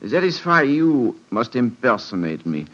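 A halting German count. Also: male voice, medium pitch, sing-song, fairly bright tone. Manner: halting, many hesitations. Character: injured German count, weak, earnest diplomat. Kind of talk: 1940s radio acting. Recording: dull old radio recording.

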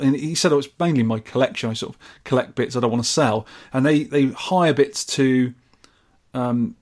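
A man from the UK chatting casually and enthusiastically as a podcast host. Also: mid-range voice. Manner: chatty and enthusiastic, rambling with restarts. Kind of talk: casual chat.

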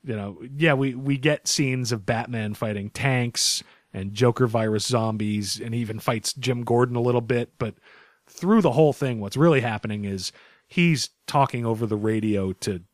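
A man's voice: medium pitch, moderate pace, no room sound. Guy cohosting a comics podcast, jokey and sweary, dry close sound. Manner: joking, profane, does goofy impressions. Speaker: podcast co-host. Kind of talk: casual podcast chat about comics and films.

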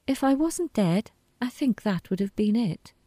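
A woman reading a first-person story aloud in a quiet, wry, deadpan manner. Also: mid-range voice, a little slow, dry recording. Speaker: narrator.

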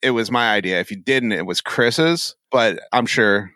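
A man's voice: on the low side, normal speed, sharp tone, dry recording, studio quality. Rambling, laughing podcast man. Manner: rambling, laughing, self-mocking. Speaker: podcast co-host. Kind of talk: casual podcast banter.

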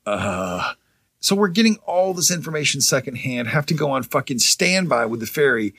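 A man's voice: medium pitch, very animated, moderate pace, fairly bright tone, slightly rough, no room sound. A young man co-hosting a podcast, telling a travel story in casual, profane chat, laughing often. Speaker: podcast co-host.

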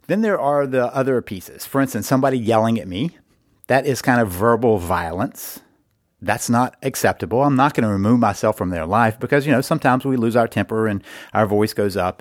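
A man's voice: mid-range voice, no echo, clean studio sound. A middle-aged man hosting an advice podcast, explaining marriage boundaries in an earnest way and repeating words for emphasis. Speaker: podcast host and marriage coach.

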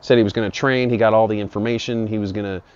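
Deep-voiced guy rambling thru a crude funny story, kinda muffled lo-fi sound. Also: steady tone, fast talker, darkish tone, clear, resonant tone. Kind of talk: improvised comic monologue. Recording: dull lo-fi audio.

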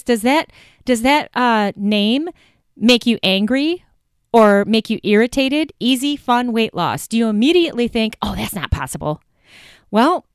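A woman's voice: fairly high pitch, clear, resonant tone, no room sound, studio quality. A woman hosting a solo coaching podcast, talking directly and emphatically, firing off rhetorical questions. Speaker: podcast host and weight loss coach.

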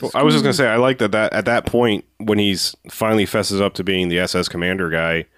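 A man casually joking about a movie, often trailing off into low mumbles. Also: fast, fairly bright tone, no room sound, clean studio sound.

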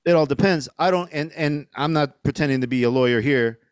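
A man's voice: on the high side, brisk, clear, resonant tone, no echo. A middle-aged man, a podcast guest, telling a story casually with lots of fillers and swearing. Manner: rambling, profane, lots of fillers.

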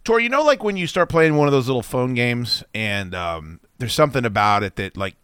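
Male podcast host, bright and lively, swears freely, dry close mic. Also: medium pitch, fairly quick, clean tone, dry recording. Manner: animated, swears a lot, acts out quotes loudly. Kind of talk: casual profane chat.

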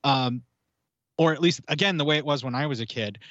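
A man's voice: medium pitch, fairly quick, a bit bright, no echo, dull audio. An American man in his forties, a podcast guest talking heatedly and swearing in casual chat. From United States. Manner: heated, swearing, rambling rants.

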